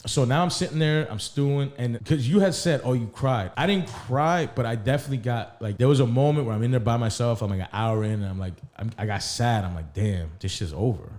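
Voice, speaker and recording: A man's voice: medium pitch, fairly quick, hardly any pauses, darkish tone. A man in his thirties, co-hosting a podcast, candidly telling a personal story in casual chat with profanity and acted-out dialogue. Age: 30s. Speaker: podcast co-host.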